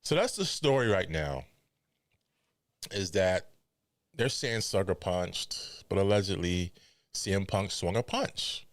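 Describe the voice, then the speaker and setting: A man hosting a wrestling podcast, giving casual, animated news commentary with incredulous asides and mock quotes. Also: low voice, slow pace, pauses often, no room sound.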